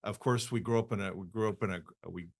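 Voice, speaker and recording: A man hosting a podcast, speaking in a reflective, halting way with frequent restarts. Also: fairly low pitch, vocal fry. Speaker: podcast host. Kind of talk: casual conversational chat.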